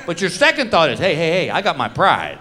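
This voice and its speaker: A man with a high, very lively voice tells a comic story on stage, swinging his delivery up and down between setups and punchlines. He is miked in a live club recording, with the noise of the audience clearly heard behind him. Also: brisk. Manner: storytelling with punchlines, brief acted quotes. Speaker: stand-up comedian. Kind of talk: stand-up comedy routine.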